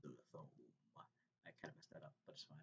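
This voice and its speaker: A man narrates as game master for a tabletop game, speaking very fast in a slightly bright voice, hesitant and full of fillers and restarts. The recording is dull and lo-fi, with a little hiss or hum.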